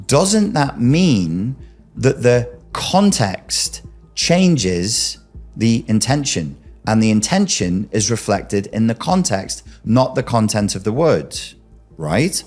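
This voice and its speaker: A man's voice: mid-range voice, darkish tone. A man hosting a commentary, arguing emphatically and throwing rhetorical questions straight at the listener. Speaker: commentary host. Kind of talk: argumentative commentary.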